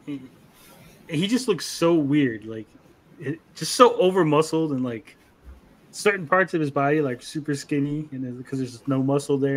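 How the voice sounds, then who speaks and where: A young man riffs through an anime review with his co-host, his voice sitting slightly high. He keeps slipping into exaggerated character voices, then back to his easy chatty tone. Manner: animated, acts out character quotes in funny voices. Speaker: podcast co-host. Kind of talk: casual anime review chat.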